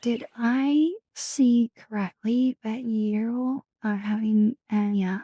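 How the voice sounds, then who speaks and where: A young woman hosting a live stream in whispered role-play, talking softly and affectionately, often dropping into a whisper. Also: a little high, fairly even intonation, takes it slowly, no echo, clean studio sound. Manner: soft, affectionate, alternating whisper and quiet voice. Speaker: streamer host.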